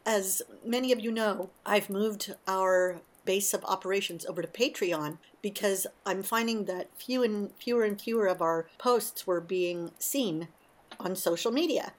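A woman hosting a casual morning monologue, talking in an animated, emotional way with frequent asides. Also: mid-range voice, measured pace. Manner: warm, emotional, animated storytelling. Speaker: podcast host.

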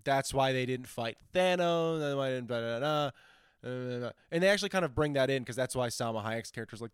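A man's voice: mid-range voice, fast talker, clean tone, dry recording, clean studio sound. A man co-hosting a podcast in casual chat, rambling and swearing as he riffs. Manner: rambling, swearing, animated riffing. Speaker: podcast co-host.

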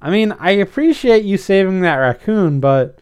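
A stubborn, cheeky male pigeon, as a man puts him on in a storybook reading. The voice is high and shrill and lands loudly. He answers back in quick, pushy lines. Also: expressive, clear, resonant tone.

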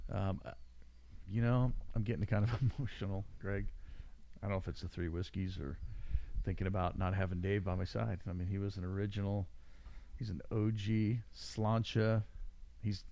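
A man's voice: on the low side, darkish tone. A middle-aged man hosting a podcast in casual chat, rambling and joking with frequent laughs. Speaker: podcast host. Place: small studio room.

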